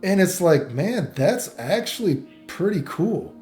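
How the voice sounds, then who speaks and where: A man's voice: high-pitched, big pitch swings, a little slow, a little mellow, faint music behind. Rambling, profane man in an echoey room. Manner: rambling, profane, many fillers and restarts. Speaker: vlogger. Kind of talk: casual rambling commentary.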